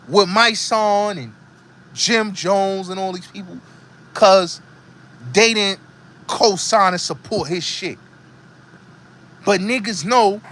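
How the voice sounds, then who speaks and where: This host, a middle-aged Bronx man with a New York accent, delivers a heated commentary monologue that is emphatic and repetitive. He speaks in a high, bright, forceful voice.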